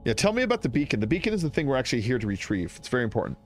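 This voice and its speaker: A man's voice: medium pitch, sing-song, rapid-fire, soft background music. A man giving casual, joking commentary while playing a game. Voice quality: joking, chatty, laughs often. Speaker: gaming streamer.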